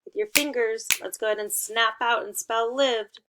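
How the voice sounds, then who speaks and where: A woman's voice: fairly high pitch, fairly even intonation, moderate pace, pushed and bright. A woman teaching young children a remote lesson, giving playful and encouraging instructions.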